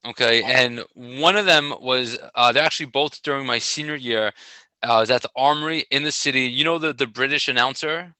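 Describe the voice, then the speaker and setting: A middle-aged man co-hosting a casual podcast, telling a story in an animated way and laughing often. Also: medium pitch, brisk, no echo, poor audio. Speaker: podcast co-host, track coach. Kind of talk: casual chat.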